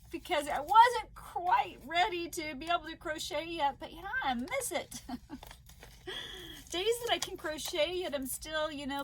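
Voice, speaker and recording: A middle-aged woman chatting in a home vlog, emotional and quick to tear up and laugh, worn down by fatigue. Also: high voice, background noise. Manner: emotional, laughs often and tears up. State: fatigued from an illness flare. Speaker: crochet vlogger. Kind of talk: casual vlog chat.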